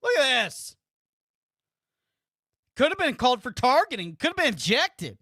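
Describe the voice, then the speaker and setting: A man in his thirties rants through live watch-party commentary, repeating himself and swearing freely. His voice sits very high and bright, swinging widely in pitch. The sound is dry and close. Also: big pitch swings, measured pace, dry recording. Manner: ranting, repetitive and profane. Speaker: sports streamer host.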